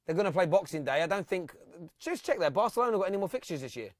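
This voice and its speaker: Excitable man hosting a phone-in. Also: sits high, fast, no room sound, studio quality. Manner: excitable, reads out fan comments and stats. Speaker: host of a football phone-in. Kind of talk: live fan phone-in chat.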